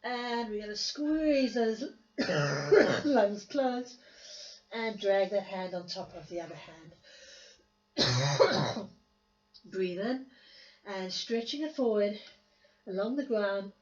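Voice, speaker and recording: A woman teaching a Pilates class after an illness, giving gentle step-by-step cues with a coughing spell now and then and some self-mocking laughter. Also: mid-range voice, lively intonation, takes it slowly, pauses often, echoey room, highs cut off. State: recovering from illness, coughing at times. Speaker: Pilates instructor. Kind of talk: guided exercise class cueing.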